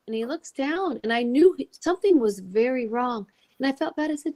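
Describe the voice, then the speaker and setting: Woman guest telling a story, fairly high voice, acts out everyone she quotes. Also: fairly quick. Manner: animated, acts out quoted dialogue. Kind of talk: emotional storytelling.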